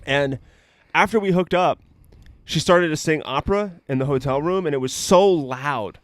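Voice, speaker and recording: A man's voice: fairly high pitch, moderate pace, no echo, clean studio sound. A young man co-hosting a podcast, telling stories in a rambling, profane way full of "like" fillers. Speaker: podcast co-host. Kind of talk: casual chat.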